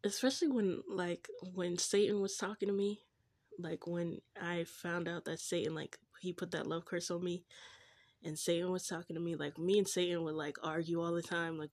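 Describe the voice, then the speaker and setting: A woman's voice: on the low side, a little mellow. A young woman vlogging in a casual, confessional way, gushing and giggly, with a slangy manner. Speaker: faith vlogger.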